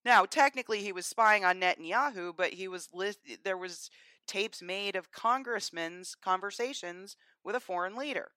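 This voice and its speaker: A woman's voice: medium pitch, normal speed, sharp tone, no room sound. A woman co-hosting a podcast, talking politics in an emphatic, scornful way. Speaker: podcast co-host. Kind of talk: casual political chat.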